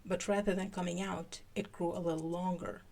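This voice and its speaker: A woman hosting a podcast, giving a live fan fiction reading with an animated delivery that turns halting in her asides. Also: on the low side, creaky.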